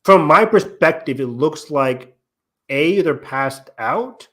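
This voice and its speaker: A man's voice: on the high side, expressive, slow pace, a bit bright. Rambling male podcast host. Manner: rambling, thinks aloud with many "like"s. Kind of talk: casual discussion.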